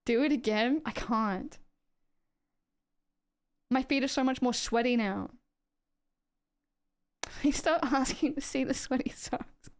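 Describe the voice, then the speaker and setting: A woman's voice: sits high, slow pace, long pauses. An Australian woman streaming live, chatting casually and rambling as she reacts to her chat and swears freely.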